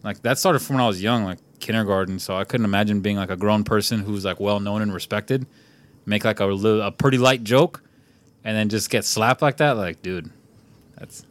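A man's voice: fairly low pitch, normal speed. A casual, profane young man chatting. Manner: loose, profane, rambling with lots of "like". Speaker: podcast host. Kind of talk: casual podcast chat.

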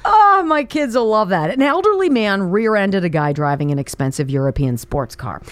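A woman's voice: medium pitch, big pitch swings, moderate pace, no echo. A woman radio host reading listener jokes cold on air, laughing often and stumbling over the lines. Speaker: radio talk show host.

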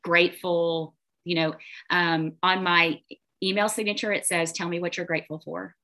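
A woman business coach talking casually in an interview, animated, acting out the voices in her head. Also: on the low side, normal speed. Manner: animated, acts out quoted inner voices.

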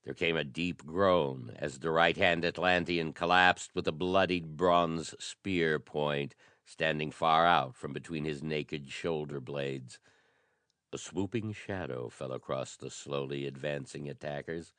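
Deep male audiobook narrator, dramatic reading, dry studio sound. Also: steady tone, measured pace, fairly bright tone, clean tone, no echo. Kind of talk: audiobook reading of pulp adventure fiction.

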